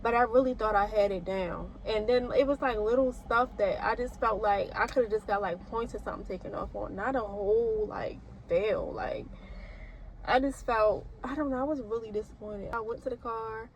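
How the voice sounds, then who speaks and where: A woman's voice: fairly high pitch, normal speed, slight background noise, rough recording. A young woman nursing student, rambling casually to camera with lots of fillers and restarts. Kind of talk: casual vlog talk.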